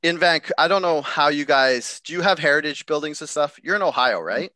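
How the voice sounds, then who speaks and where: A man's voice: on the high side, brisk, sharp tone, dry recording. A man from Canada co-hosting a podcast, joking and teasing in casual banter. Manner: joking, teasing, laughs often. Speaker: podcast co-host.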